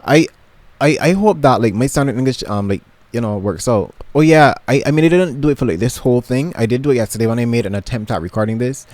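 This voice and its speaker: A man's voice: medium pitch, animated, quick pace, a little mellow, dry recording. A young man from Barbados with a Barbadian accent, chatting to camera from his bedroom in a rambling way, full of ums and restarts. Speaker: vlogger. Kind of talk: casual chat to camera.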